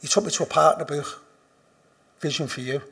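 A man with a Liverpool accent giving a personal recovery testimony, blunt and profane, dropping to a hush and then rising loud with laughter. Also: a little high, a little fast, vocal fry, breathy edge. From Liverpool, England. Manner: blunt and profane, swinging from hushed confession to loud laughing emphasis. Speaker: speaker sharing at a recovery meeting.

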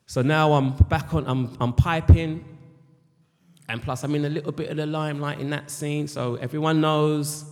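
A man's voice: on the high side, fairly even intonation, moderate pace, a little mellow, faint music behind. Rambling British man in an echoing hall. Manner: rambling, repeats words and phrases. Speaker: speaker sharing his recovery story. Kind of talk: candid personal testimony. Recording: long hall reverb.

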